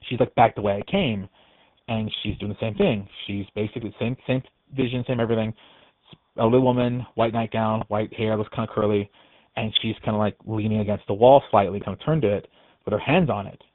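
A man's voice: on the low side, fairly even intonation, fairly quick, no room sound. Man telling a ghost story over a tinny line. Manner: rambling and hesitant, with many restarts. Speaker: care facility staff member. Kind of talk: casual spoken ghost story. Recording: tinny phone-like recording, dry.

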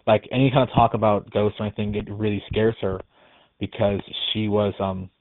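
Speaking a little fast in a lowish, steady voice, this man from a care facility rambles hesitantly through a ghost story with many restarts. The audio is dry and tinny like a phone, without room sound.

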